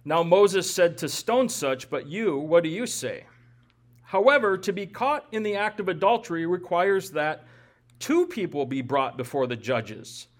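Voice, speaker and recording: A man's voice: high-pitched, lively intonation, unhurried. A man giving a verse-by-verse Bible teaching, lecturing with emphasis and dropping in wry asides.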